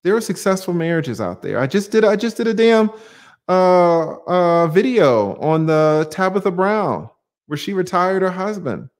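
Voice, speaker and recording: A man's voice: sits high, big pitch swings, unhurried. A man hosting a livestream, talking emphatically to viewers, firing off rhetorical questions and casual swearing while he answers their comments.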